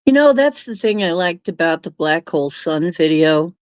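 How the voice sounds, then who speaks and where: A woman's voice: lowish voice, expressive, moderate pace, no room sound. A woman hosting a live stream, chatting casually with viewers and giggling often. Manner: giggly, laughs often while reading chat.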